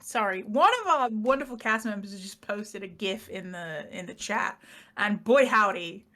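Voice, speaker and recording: A British woman recapping a tabletop game in casual, rambling chat, self-mocking and quick to laugh. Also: medium pitch, bright, forceful tone. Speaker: player giving the recap.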